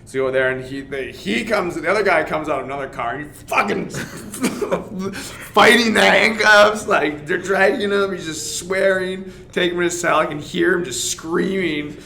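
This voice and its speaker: A man's voice: high-pitched, moderate pace, vocal fry, few pauses, slight background noise. A man in a podcast interview, an MMA fighter casually telling a story, swearing and acting out the other people's lines. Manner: animated, swears, acts out dialogue, laughs while telling.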